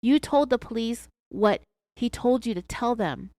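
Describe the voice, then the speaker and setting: Woman reads insistent male agent grilling a suspect, high and loud, in a dry close voice. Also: animated, unhurried, no echo. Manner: insistent, pressing, raised voice. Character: male federal agent, pressing interrogator.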